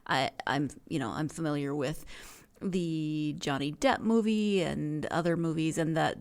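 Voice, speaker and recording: A woman's voice: sits low, unhurried. A woman hosting her podcast in a casual, rambling, chatty way, sounding stuffy after a sneezing fit. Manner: rambling, chatty, self-correcting. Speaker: podcast host. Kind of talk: casual solo podcast chat.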